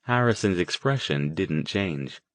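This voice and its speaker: A man narrating an audiobook in a measured, even storytelling manner. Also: low-pitched, dry recording. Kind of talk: scripted narration.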